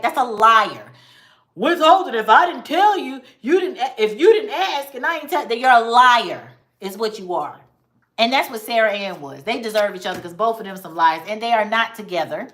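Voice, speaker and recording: A woman's voice: fairly high pitch, a bit bright. Sassy, blunt woman gossiping. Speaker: vlogger. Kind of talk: casual commentary.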